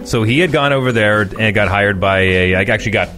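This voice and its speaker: A radio morning show host in his forties tells a story briskly in a fairly low voice, with soft music playing behind him. He's casual and animated, acting out the voices of the people in it.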